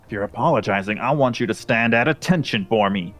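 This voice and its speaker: A man's voice: mid-range voice, fast talker, soft background music, natural voice. A man voicing a pompous, irate female police dog lieutenant who scolds and demands respect, in a tabletop game. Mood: scolding.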